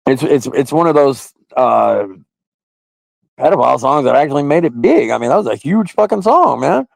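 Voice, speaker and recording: A livestream host with a heavily gravelly, fry-laden voice chats casually with his viewers, crude, loose and rambling, often breaking into laughter. His pitch swings around a lot and he sounds animated at a moderate pace. The sound is dry and close, with no room sound at all.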